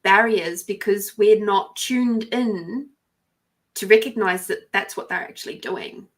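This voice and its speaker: Speaking at a measured pace with a medium pitch, an Australian woman hosts a podcast and tells a personal story. Her delivery is soft and reflective, at times sinking almost to a whisper.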